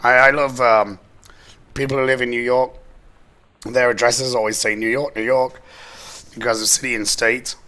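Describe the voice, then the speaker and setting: A hoarse man running casual, jokey commentary while exploring a game, his voice squeaking and cracking now and then. He sits at an ordinary middle pitch and rambles through chatty asides. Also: flat delivery, moderate pace, pauses often, pushed and bright. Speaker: let's play host.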